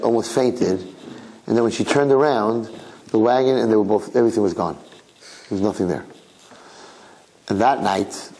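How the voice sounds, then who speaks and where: A rabbi telling a religious story to listeners in a conversational way, asking rhetorical questions and repeating phrases. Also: male voice, mid-range voice, darkish tone, poor audio. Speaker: rabbi giving a Torah talk.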